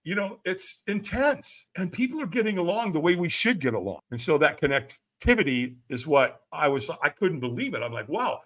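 A man spins a personal story as a guest, his pitch leaping all over as he acts out the people in it. His voice is fairly high and bright, pushed forward with emphasis. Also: very animated, moderate pace, hardly any pauses. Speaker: podcast guest. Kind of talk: animated storytelling.

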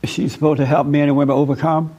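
A man's voice: fairly high pitch, flat delivery, fast, a little mellow, lo-fi sound. A man giving spiritual counseling in an emphatic, preachy way, repeating words for stress.

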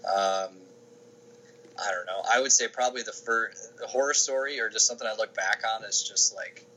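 Bright-toned man answering interview questions. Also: fairly low pitch, moderate pace, a little hiss or hum, poor audio. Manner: rambling, many restarts and fillers. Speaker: sports information director, podcast guest.

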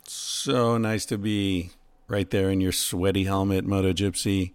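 A middle-aged man hosting a podcast, musing in an unhurried, casual way and swearing now and then. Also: low-pitched, little pitch movement, clean tone, dry recording. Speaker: podcast host. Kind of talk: reflective casual monologue.

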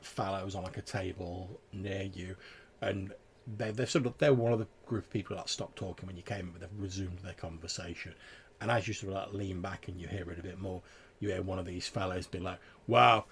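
A man's voice: low voice, slight background noise. A man narrating as game master in a casual, hesitant way with many fillers.

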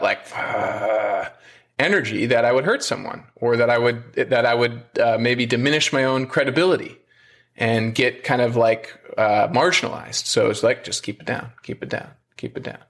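A man's voice: medium pitch, moderate pace, fairly bright tone. A man hosting a podcast who chats candidly and casually, peppering his talk with "like" and murmuring mm as he listens. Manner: casual, filler-heavy, many likes, frequent mm backchannels. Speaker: podcast host. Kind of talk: candid conversational chat.

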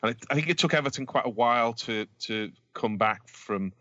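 A man's voice: medium pitch, brisk, a bit bright, no room sound, dull audio. A man co-hosting a casual football podcast, talking at length with frequent ums and restarts. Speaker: podcast co-host.

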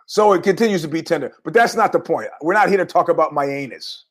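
A man's voice: a little high, quick pace. A middle-aged man hosting a podcast, telling rambling, jokey stories in a casual monologue with asides. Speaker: podcast host.

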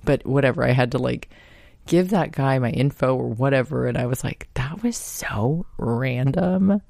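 A woman in her thirties hosts a podcast, sharing a personal story in a chatty, casual way and laughing as she goes. Her voice is rumbling low, creaky and a little mellow, with fairly even intonation and a slightly fast pace. The recording is studio quality with no room sound.

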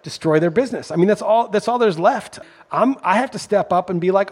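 Middle-aged male podcast host, rapid husky delivery, riled-up storyteller. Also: sits high, animated, a little mellow. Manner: indignant, storytelling, rising intensity when ranting. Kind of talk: casual podcast chat.

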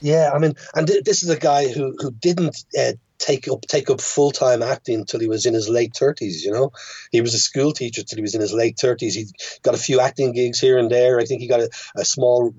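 A man's voice: mid-range voice, steady tone, a little fast, a little mellow, slightly rough, no echo. A man with a Dublin Irish accent, a filmmaker speaking as a podcast guest, thinking aloud and often restarting his sentences. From Ireland. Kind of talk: casual podcast conversation. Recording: dull, muffled podcast audio.

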